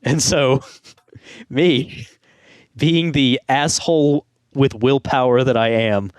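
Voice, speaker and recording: A young man on a podcast tells a long, rambling story, often laughing through it. His voice sits at an ordinary middle pitch. The sound is dry and close, with no room around it. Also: slow, clean tone, dry recording. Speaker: podcast co-host. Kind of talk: casual storytelling chat.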